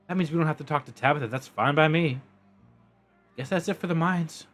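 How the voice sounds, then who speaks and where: A man streaming a story game, reading the text aloud and reacting in an excitable way with swearing. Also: a little high, fairly quick, faint music behind. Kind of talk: game let's-play with narration read aloud.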